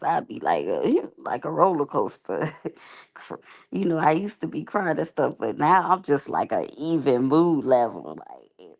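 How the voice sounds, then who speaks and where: A woman's voice: low voice, vocal fry. A woman giving candid, rambling, slangy commentary as a reality TV reviewer. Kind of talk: casual unscripted commentary.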